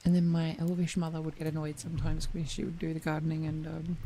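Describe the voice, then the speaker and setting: A woman streamer in a whispered role-play, chatting playfully and softly with viewers and often giggling. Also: low-pitched, completely flat delivery, fast, slight background noise, poor audio.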